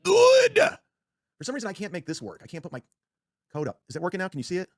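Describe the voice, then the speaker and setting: A man on a livestream talks fast in a slightly high voice. He rambles and swears, restarting sentences as he goes. The sound is dry and close. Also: sing-song, a bit bright, dry recording. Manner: rambling, profane, self-interrupting. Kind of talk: casual livestream rant.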